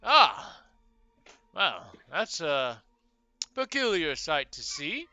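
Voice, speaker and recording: A man's voice: fairly high pitch, very animated, extremely slow, sharp tone, dry recording, voice pushed up, exaggerated voice. A man voicing a polite, flustered owl-like creature who talks in a genteel, chatty way.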